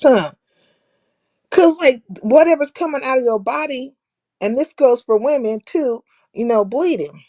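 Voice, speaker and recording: A woman with a somewhat high voice hosts a live stream. She talks bluntly and profanely in a casual, opinionated monologue. She often cracks herself up. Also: sing-song, moderate pace, darkish tone. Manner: blunt, profane, laughs at her own jokes.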